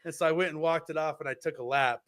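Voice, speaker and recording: This podcast co-host, a man in his thirties, speaks quickly in a slightly high voice, telling a story in casual conversation and acting out the quotes with animation. The close-mic recording has no room sound.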